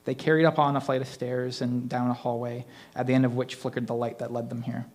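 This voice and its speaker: A man reads his own spooky tale aloud at an open mic, into a stage mic. His pitch sits in the middle for a man, and he tells the story in a steady, measured way.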